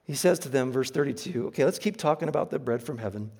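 A man preaching a sermon, earnest and emphatic, slowing down to stress key phrases. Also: mid-range voice, lively intonation, creaky, darkish tone, slightly rough.

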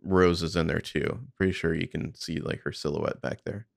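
A man with a very low, gravelly voice talks through film footage in a loose, casual way. He swears freely and fills his thoughts with "like" and "uh". The recording is dry and close. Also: fairly even intonation, normal speed, dry recording. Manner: casual, swearing, thinking aloud with fillers. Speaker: podcast co-host.

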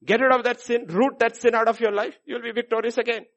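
A man talks fast and in a steady tone while preaching, using emphatic repetition and moving from loud exhortation to a low, intense register. The recording has a lo-fi sound.

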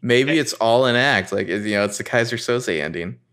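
A man co-hosting a podcast, retelling a TV episode in casual chat with a dry, low-key manner. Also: moderate pace, fairly bright tone, smooth. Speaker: podcast co-host recapping a TV episode.

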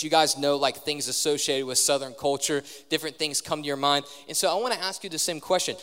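A man's voice: a little high, a bit bright, smooth. A young man preaching a sermon to a live audience in a large church hall, talking conversationally and quizzing the crowd. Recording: long hall reverb from a live service.

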